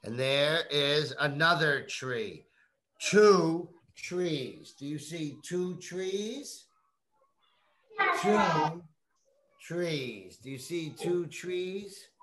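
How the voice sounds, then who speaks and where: A woman teaching young children, reading a picture book aloud in a slow, coaxing way and prompting them to repeat words. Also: low voice, a bit bright. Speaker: kindergarten teacher.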